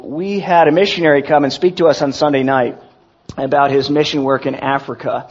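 A man preaching a sermon to his congregation, earnest and measured, slowing down to recite verses. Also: fairly high pitch, highs cut off.

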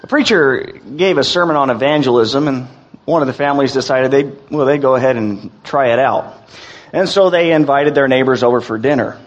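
Folksy preacher man, slightly high voice. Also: lively intonation. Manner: folksy, halting with many restarts. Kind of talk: sermon. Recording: dull lo-fi recording.

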